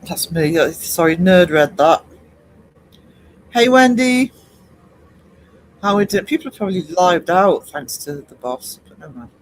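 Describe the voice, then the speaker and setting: A man's voice: sits high, expressive, measured pace, pauses often, slight background noise, poor audio. A man hosting a live stream, rambling chattily and greeting viewers in chat by name. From United Kingdom. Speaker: livestream host.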